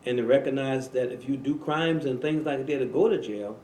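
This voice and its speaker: A man hosting a religious broadcast preaches at an even, middle pitch, leaning hard on key words and repeating himself as he builds a point. His voice rings in a roomy studio. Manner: preaching, slow and emphatic, repeating phrases. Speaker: imam and show host. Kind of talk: religious talk radio conversation.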